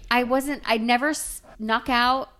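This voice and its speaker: A woman's voice: a little high, steady tone, slow, fairly bright tone. A woman in her forties chatting casually and playfully, laughing often. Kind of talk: casual chat.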